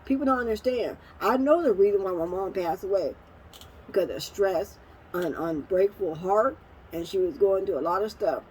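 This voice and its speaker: A woman's voice: on the low side, a little hiss or hum, low-quality recording. A woman vlogger talking casually to the camera, rambling through an emotional family story with many fillers and restarts.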